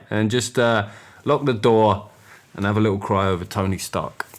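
Sweary, rambling middle-aged podcast host. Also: male voice, lowish voice, steady tone, moderate pace. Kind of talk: casual monologue.

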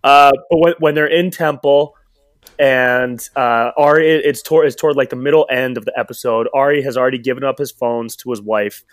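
A young man co-hosts a casual rewatch podcast, speaking fairly quickly at medium pitch in a steady tone with no room sound. He tells stories animatedly and laughs often.

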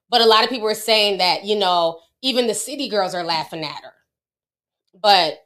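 A woman's voice: fairly high pitch, bright, forceful tone. A middle-aged woman hosting a casual livestream, chatting with her viewers and laughing often. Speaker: livestream host.

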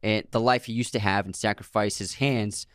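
A man's voice: on the low side, steady tone, a bit bright, clean tone, no echo, studio quality. Thoughtful man co-hosting a movie podcast. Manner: thoughtful, halting, restarts often. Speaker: podcast co-host. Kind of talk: casual movie podcast chat.

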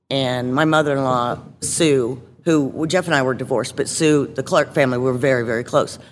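A woman guest telling her own story in a casual interview, candid and halting, with many fillers and restarts. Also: extremely low pitch, in a large hall, slight background noise.

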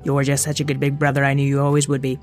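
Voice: mid-range voice, completely flat delivery, rapid-fire, soft background music, close to an everyday voice. A storyteller voicing a tired, fussy mother who dotes on her children. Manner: fussing, doting.

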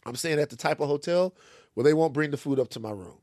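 A man from Louisiana, co-hosting a casual comic chat and telling lively stories. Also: a little high, quick pace, no room sound, studio quality. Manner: animated storyteller, acts out other voices. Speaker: podcast co-host.

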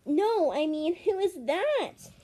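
A woman's voice: extremely high pitch, huge pitch swings, unhurried, a bit bright, voice pushed up, exaggerated voice. Girl reading as whiny boy Jordan.

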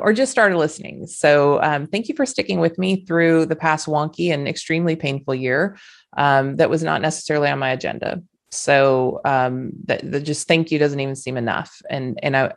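Woman in her forties, podcast host, low voice, earnest, emphatic, folksy. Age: 40s. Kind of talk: motivational podcast monologue.

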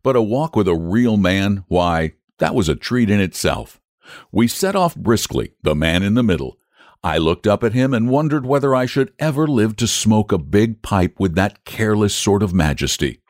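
Low, expressive man reading a story. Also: normal speed, dry recording, studio quality. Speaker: narrator.

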